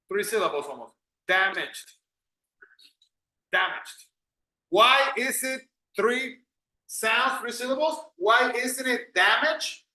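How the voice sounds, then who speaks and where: A man's voice: sits high, bright, forceful tone, roomy sound, poor audio. Patient man drilling English pronunciation. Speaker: English teacher. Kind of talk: online English class.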